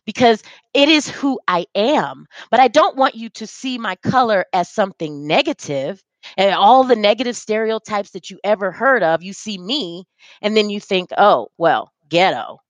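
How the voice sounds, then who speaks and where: A woman's voice: medium pitch, expressive, normal speed, dry recording. A woman guest talking on a video call, emphatic and profane, often restarting her sentences. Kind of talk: casual conversation.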